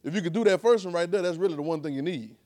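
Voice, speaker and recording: High-voiced preacher calling out to his congregation. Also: racing. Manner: call-and-response preaching, rising to shouts. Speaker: pastor. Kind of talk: sermon. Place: church before a congregation.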